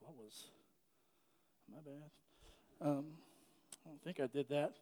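A man with a high voice delivers a casual, joking sermon in a church and keeps restarting his sentences. A long reverb from the sanctuary trails after every phrase. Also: slow pace, pauses often, mellow. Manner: chatty and joking, with many restarts. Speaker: preacher. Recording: echoey church hall.

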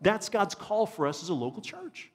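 A man's voice: high-pitched, wildly swooping pitch, normal speed, slightly rough. A man, preaching a sermon as a pastor in an earnest, emphatic way and repeating phrases for stress. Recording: long reverb of a large hall.

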